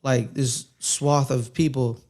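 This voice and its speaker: A man's voice: mid-range voice, steady tone, slow, darkish tone. A man chatting casually on a live watchalong stream, telling a long anecdote with lots of restarts and fillers. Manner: rambling storyteller, many restarts, puts on voices in anecdotes. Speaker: co-host. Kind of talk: casual chat during a watchalong.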